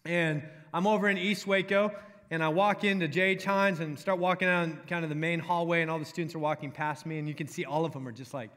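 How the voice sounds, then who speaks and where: A young man with a Texan drawl delivers a sermon to a room of college students, his voice high and bright. He tells stories and jokes with the crowd. The sound rings with the long reverb of a large hall. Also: fairly even intonation, quick pace. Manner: storytelling, joking with the crowd. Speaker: college ministry pastor.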